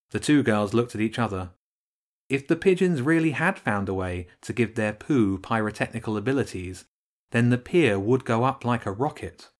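A man narrating a children's storybook with expressive storytelling. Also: medium pitch, normal speed. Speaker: audiobook narrator. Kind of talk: scripted narration.

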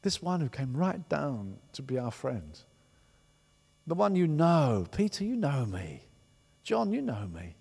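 A man preaching a sermon as a pastor, emphatic and animated, often repeating words for stress. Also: on the high side, measured pace, gravelly, breathy edge. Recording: long hall reverb.

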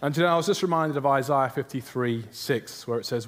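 A man's voice: medium pitch, fairly quick, hardly any pauses. A man preaching a sermon, earnest, often asking his listeners questions. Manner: earnest, asks the congregation rhetorical questions.

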